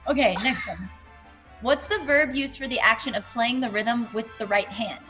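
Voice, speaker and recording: Playful, high-voiced young woman hosting a quiz. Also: moderate pace, sharp tone, soft background music. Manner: playful, encouraging hype-girl. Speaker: host.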